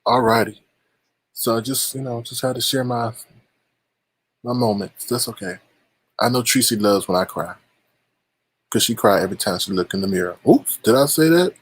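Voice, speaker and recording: A man's voice: fairly low pitch, fairly even intonation, moderate pace, long pauses, a bit bright, slightly rough, poor audio. A man vlogging to his viewers in a plaintive, mock-tearful monologue, repeating himself as he complains. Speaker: YouTube vlogger. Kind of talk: emotional livestream monologue.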